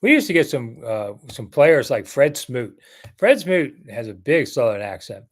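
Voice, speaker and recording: A man's voice: mid-range voice, big pitch swings, a little slow. Male live-stream host from Washington, D.C., mid-range voice, rambling and conversational, reads and answers the chat. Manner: rambling, chatty, answering viewer comments one by one.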